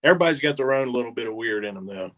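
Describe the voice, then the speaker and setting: A man, a guest angler, answering questions in a laid-back way with many pauses and ums. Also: mid-range voice, animated, fairly bright tone, rough recording. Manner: laid-back, hesitant, lots of ums and trailing off. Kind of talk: casual interview answers.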